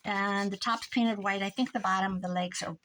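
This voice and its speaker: A middle-aged woman with a Midwestern American accent chats to her vlog viewers while working at her craft table. She rambles from topic to topic and laughs often, in a voice of medium pitch. Faint clicks and writing sounds come from her crafting. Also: steady tone, moderate pace, a bit bright, slight background noise, poor audio. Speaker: crafting vlogger. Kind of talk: casual chat while crafting. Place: craft room at home.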